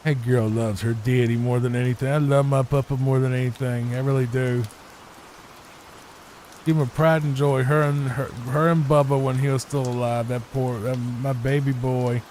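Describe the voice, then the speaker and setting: A man's voice: medium pitch, flat delivery, normal speed, a little mellow, a little hiss or hum. A man giving improvised, rambling sleep-time commentary over gameplay at his home computer mic, often repeating himself. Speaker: gaming YouTuber. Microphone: desk microphone.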